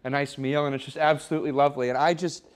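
A man's voice: a little high, steady tone, very fast, slight background noise, natural voice. A man playing a smug, rambling rich guy. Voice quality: boastful, rambling, mock-sentimental. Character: smug, oblivious rich young man showing off his loft. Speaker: comedic character giving a home tour. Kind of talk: improvised parody home-tour sketch. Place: apartment loft, walking room to room.

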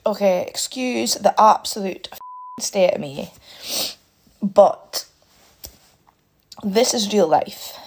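A British woman pours out her money worries into a phone held at arm's length. Her voice is husky and swings widely in pitch, climbing as she gets worked up and clipping off her swear words. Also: expressive, slow pace, long pauses, darkish tone. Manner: upset, swears with clipped-off words, voice rising and breaking. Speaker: single parent venting. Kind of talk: emotional vent to camera.

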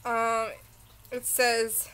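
A woman's voice: on the high side, monotone, very slow, a bit bright, smooth, rough recording. A tired woman with a Southern accent, rambling through a casual beauty unboxing chat full of tangents. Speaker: beauty vlogger.

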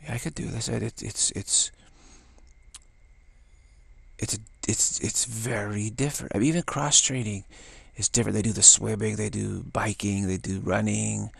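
An older man giving a casual spiritual talk, rambling and halting with many restarts and playful acted-out quotes. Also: lowish voice, steady tone, vocal fry, husky, dry recording. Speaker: spiritual teacher.

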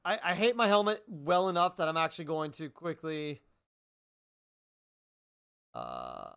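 A goofy male game streamer with a high voice that leaps up and down all over the place. He banters with the characters on screen, repeats lines for comic effect and keeps up a joking running commentary. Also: sing-song, measured pace, a bit bright, clear, resonant tone. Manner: playful, jokey, talks back at the game characters. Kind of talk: live gaming stream commentary.

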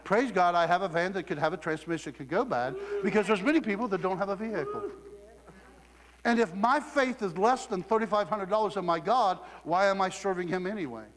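A middle-aged male preacher from Southeast Ohio delivers a sermon in a fairly high voice, acting out people's lines with animated storytelling. His voice rings with the long reverb of a big hall. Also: a little fast. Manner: animated storytelling with acted quotes and laughter.

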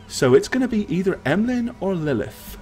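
A man's voice: sits high, very animated, normal speed, a little mellow. A man narrating as game master of a tabletop game, with rambling, filler-heavy speech.

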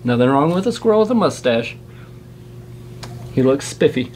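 This is a man in the middle of an unboxing chat, eagerly rattling off card after card. His voice sits at an ordinary mid pitch. A faint noise floor hums under the recording. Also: big pitch swings, normal speed, darkish tone. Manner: chatty and eager, reels off card names. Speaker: channel host opening trading card packs. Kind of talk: casual chat while unboxing.

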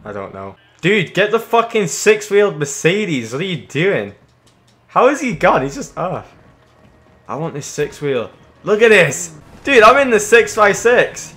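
A man hosting his own gaming channel, giving casual commentary while he plays, excitable and swearing freely as he shouts and laughs. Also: on the high side, a little slow.

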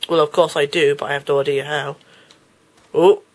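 A man giving excitable, panicky let's play commentary, often laughing and shouting. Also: a little high, normal speed, poor audio. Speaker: gamer.

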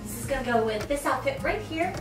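Woman, thirty, vlogger, high lively voice, gushing, gasping, echoey room, mic at a distance, loud music behind. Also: quick pace. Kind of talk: casual birthday vlog.

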